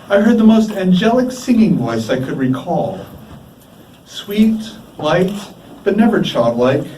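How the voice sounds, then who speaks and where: A man reading his prose live in a bar, measured and deliberate, pausing for effect, his voice animated and rising and falling widely. His tone is mellow and dark, picked up by a distant mic in a roomy space with faint ambience behind. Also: a little high, slight background noise. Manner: measured, deliberate delivery with dramatic pauses. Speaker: writer reading his work. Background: faint room ambience.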